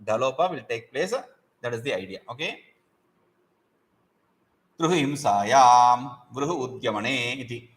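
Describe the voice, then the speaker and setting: A man gives a slow, patient grammar lecture. He repeats each term and stops often to check that his students follow. His voice sits at a medium pitch. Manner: explains patiently, repeats terms, checks understanding with "okay?". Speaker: Sanskrit grammar teacher. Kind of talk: explanatory lecture.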